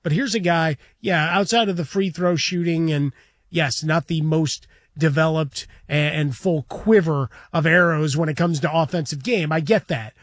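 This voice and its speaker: A man's voice: fairly high pitch, normal speed, dry recording. A man co-hosting a sports radio show in a studio, talking through a point in a wry, analytical way.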